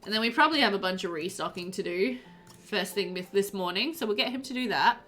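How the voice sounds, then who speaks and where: Bright, lively-voiced giggly woman streamer. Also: mid-range voice, fast, soft background music. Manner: giggly, chatty, answering chat. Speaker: game streamer. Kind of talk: casual live-stream chat while playing.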